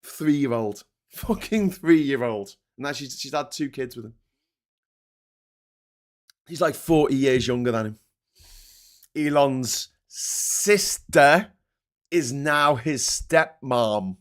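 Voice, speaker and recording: A man's voice: medium pitch, slow pace, long pauses, fairly bright tone. A man hosting his own channel, delivering a heated, sarcastic and sweary political rant. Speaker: vlogger host.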